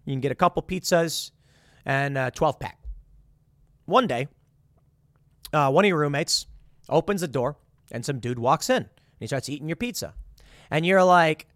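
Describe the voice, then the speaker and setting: A man's voice: on the high side, expressive, brisk, no echo, clean studio sound. A man delivering an opinionated political monologue, acting out quoted voices with sarcasm and stumbling restarts. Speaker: political commentator.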